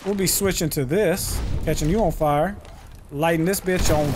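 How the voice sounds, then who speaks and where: A man giving casual, profane let's-play commentary, talking to himself and to the game and breaking into loud excited yells. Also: on the high side, moderate pace, over music. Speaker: gaming channel host.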